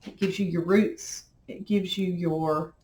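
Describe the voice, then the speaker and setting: A woman's voice: fairly low pitch, steady tone, measured pace, a little mellow, slight background noise. A middle-aged woman, chatting in a folksy, rambling way while she works on a craft project at home. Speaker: crafting vlogger. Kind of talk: casual chat while crafting. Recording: echoey room.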